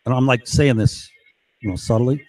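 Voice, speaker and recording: A man's voice: medium pitch, moderate pace, darkish tone, dry recording, rough recording. Urgent, emphatic man, dry close sound. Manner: urgent and emphatic, repeats himself. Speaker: vlogger. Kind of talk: rambling monologue to camera.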